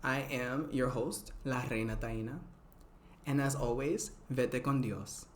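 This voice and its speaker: A woman's voice: very deep voice, measured pace, slight background noise. A woman hosting her own podcast in a casual, profane, blunt monologue, dropping Spanish phrases between English lines. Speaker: podcast host. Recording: roomy echoey room.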